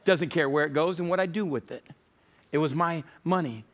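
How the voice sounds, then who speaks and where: A man's voice: fairly high pitch, normal speed. A middle-aged man preaching a church sermon, full of humorous storytelling. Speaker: pastor.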